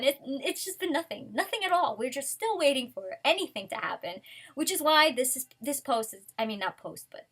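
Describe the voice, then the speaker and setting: High-voiced rambling woman fan vlogger. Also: moderate pace, breathy edge. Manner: rambly, excitable, lots of restarts. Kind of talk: casual rambling chat.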